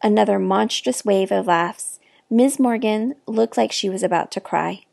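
A woman reading a children's novel aloud with expressive, clear narration. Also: mid-range voice, normal speed, no room sound, studio quality. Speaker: reader. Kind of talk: storybook read-aloud.

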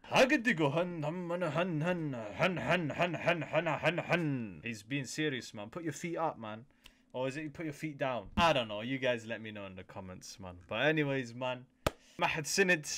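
A man's voice: medium pitch, fairly bright tone. A young man, hosting a casual music reaction video in slangy, chatty talk that often repeats itself. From United Kingdom.

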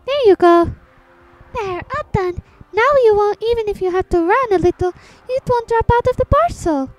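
A woman voicing a polite, gentle young girl helping a friend, soft and courteous in her speech. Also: very high-pitched, animated, normal speed, pitched above the performer's own voice.

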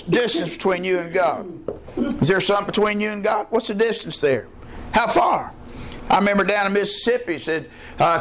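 High-voiced preaching man calling out "Amen". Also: a bit bright, a little hiss or hum. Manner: folksy preaching with frequent "Amen" call-outs; asks the congregation questions. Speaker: pastor. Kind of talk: evening church sermon. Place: church service with a responding congregation.

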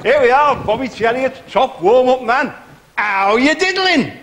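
An actor playing a self-pitying middle-aged warm-up comedian, rambling through his patter in a TV sketch comedy. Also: very high-pitched, normal speed, a little hiss or hum.

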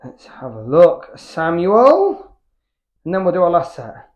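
A man's voice: fairly high pitch, huge pitch swings, a little slow. A British man chatting candidly between workout sets in his home gym, rambling and swearing freely. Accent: British English. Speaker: fitness YouTuber.

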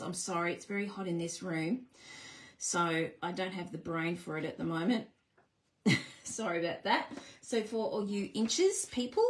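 A woman's voice: medium pitch, a little hiss or hum. An Australian woman hosting a live card-making demonstration, bubbly and chatty as she greets viewers and walks through each step. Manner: bubbly, chatty and easily excited.

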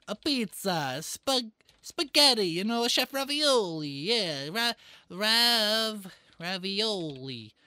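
A man's voice: high-pitched, pushed and bright, clear, resonant tone, no room sound, exaggerated voice. A man playing a boastful, rambling male Italian chef in a put-on Italian-American accent, chatting on video call. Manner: rambles through food lists, pleased with himself. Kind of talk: comedic character improv on video chat.

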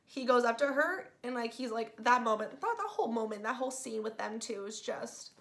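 Woman host, fairly high voice, casual spoiler review, excitable and gushing, filler-heavy. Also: fairly quick, gravelly. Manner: gushing, excitable, says "like" constantly. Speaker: movie reviewer.

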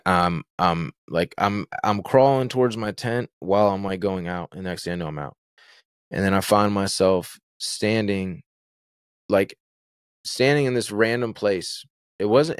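A man's voice: on the low side, clear, resonant tone, no room sound, clean studio sound. Man retelling a story, rambling. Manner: rambling, fillers and restarts, vivid retelling. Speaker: guest telling his story. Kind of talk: casual storytelling.

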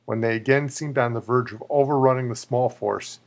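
A man's voice: medium pitch, fairly even intonation. Man reading a formal citation. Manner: measured, formal delivery.

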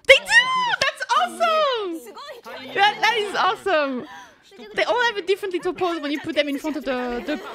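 A woman streamer giving excited, casual reaction commentary, gushing and squealing with delight, with fillers and the odd swear. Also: high-pitched. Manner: gushing, squeals and laughs often. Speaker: streamer reacting to a game livestream.

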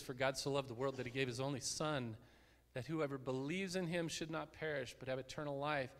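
A male guest preacher giving an earnest sermon in a church, dropping to a hushed voice at solemn points. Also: medium pitch. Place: church sanctuary. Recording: long hall reverb.

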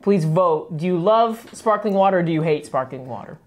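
A man's voice: high-pitched, expressive, fairly quick, a little mellow. A man co-hosting a casual morning Bible study, reading scripture aloud and explaining it plainly. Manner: easygoing, reads aloud then explains plainly. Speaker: co-host, reads scripture.

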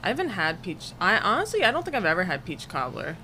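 Her fairly low voice swoops wildly in pitch, fast and sharp-toned, over slight background noise. A young woman is livestreaming from a home room with the air conditioner on, chatting casually with live chat and greeting each viewer in a rambling way.

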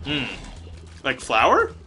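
A man's voice: mid-range voice, wildly swooping pitch, drawn-out words, sharp tone, slightly rough, soft background music. A man hosting a let's-play, chatting casually while he plays. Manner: chatty, laughing, muttering to himself. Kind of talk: casual gameplay commentary.

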